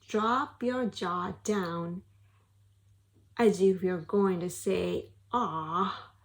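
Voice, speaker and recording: Slow, deliberate woman pronunciation coach. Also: medium pitch, vocal fry. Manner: reads English text slowly, then explains quickly in Japanese. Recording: faint background noise.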